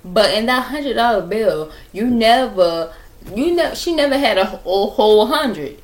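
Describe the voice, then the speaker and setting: A woman's voice: on the high side, lively intonation, a little slow, a little hiss or hum. A young woman telling a rambling story to her viewers in a casual chat, repeating herself and talking straight to them, recorded on a laptop at home. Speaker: vlogger telling stories.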